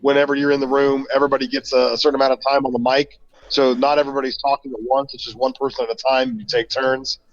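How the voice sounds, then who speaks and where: Halting man on muffled call audio. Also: medium pitch, flat delivery. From Missouri, USA. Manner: rambling, halting with fillers. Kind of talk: casual chat.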